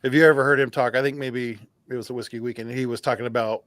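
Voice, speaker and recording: Male co-host, relaxed chat, halting recall, dry close mic. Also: medium pitch, dry recording. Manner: halting, restarts often while recalling details. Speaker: podcast co-host. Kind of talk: casual bourbon chat.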